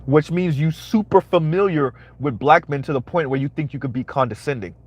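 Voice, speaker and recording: Guy doing a live commentary stream, slightly high voice, dry close sound, keeps saying right?. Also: a little fast, slightly rough, dry recording, dull audio. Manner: emphatic, repeats phrases, asks "right?" often. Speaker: commentary channel host.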